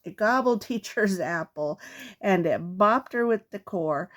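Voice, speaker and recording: Older woman, grandma reading funny poems, playful, unhurried delivery. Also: medium pitch. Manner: playful, expressive read-aloud with comic trailing-off. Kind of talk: reading children's poems aloud.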